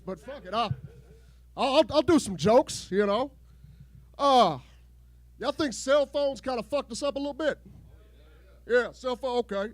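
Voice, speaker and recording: High-voiced man telling crude jokes. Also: no echo. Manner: crude, rambling jokes with repeated false starts. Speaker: stand-up comedian. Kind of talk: stand-up comedy set. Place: home garage show before a live crowd.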